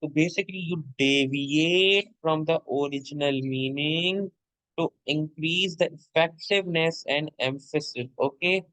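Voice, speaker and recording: A man's voice: fairly high pitch, measured pace, a bit bright, dry recording, low-quality recording. A male literature teacher giving an explanatory lecture, repeating points and checking in with "okay?" and "my dear.". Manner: addresses listener as "my dear".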